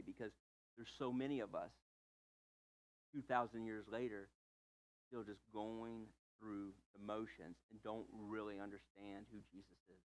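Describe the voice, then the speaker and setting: A man preaching a casual, humorous sermon with playful asides. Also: fairly low pitch. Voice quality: playful, joking asides, fillers. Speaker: pastor.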